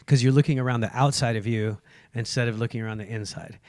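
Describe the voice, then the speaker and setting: Comedian guy on a podcast, animated storyteller, does the voices, dry close sound. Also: mid-range voice, fast talker, dry recording. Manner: animated storyteller, acts out quotes. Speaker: guest comedian. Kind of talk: casual podcast chat.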